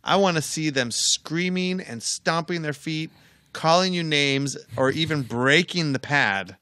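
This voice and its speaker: A man's voice: fairly high pitch, lively intonation, measured pace, sharp tone, clean tone, dry recording, studio quality. A middle-aged man co-hosting a podcast, telling a story in casual banter, firm and swearing freely. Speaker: podcast co-host.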